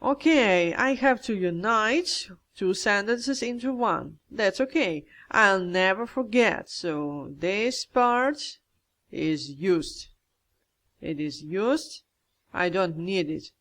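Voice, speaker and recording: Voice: mid-range voice, expressive, takes it slowly, a bit bright. A grammar teacher explaining a lesson step by step, thinking aloud and addressing the viewers directly. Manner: methodical, talks through each step aloud, addresses viewers as guys.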